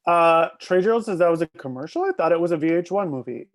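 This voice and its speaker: On a relaxed live stream, a male guest whose voice sits on the high side and sounds expressive rattles off gossipy stories. Laughter breaks through his quick storytelling again and again.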